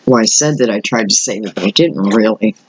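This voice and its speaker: An older man, slightly hoarse, giving a rambling solo tarot reading and thinking aloud with many fillers. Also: fairly low pitch, lively intonation, fairly quick, a little hiss or hum, low-quality recording. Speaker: tarot reader.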